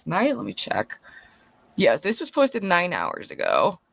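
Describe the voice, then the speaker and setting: Woman, streamer, gossipy, exclamatory, animated pitch, dry sound. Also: measured pace, gravelly, no echo. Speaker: streamer commenting on drama. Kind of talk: casual commentary.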